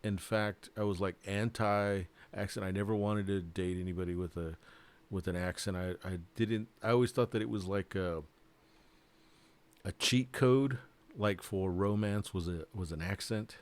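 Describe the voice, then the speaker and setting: Man, low pitch, casual rambling chat, joking, swearing. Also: a little slow. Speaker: board game designer.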